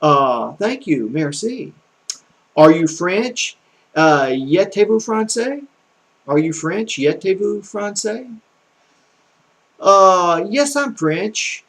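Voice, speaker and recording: A man with a Southern country accent talks through a homemade language lesson, slow and halting. His voice is gravelly and sits a little high for a man. He pauses often, repeats himself and fills gaps with drawn-out uhs. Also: very animated, fairly bright tone. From American South. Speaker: amateur French teacher. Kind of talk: casual home video lesson.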